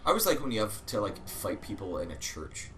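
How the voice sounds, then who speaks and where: A man hosting a let's play, chatting casually over gameplay with sudden excited outbursts and swearing. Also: fairly low pitch, a little fast, slight background noise.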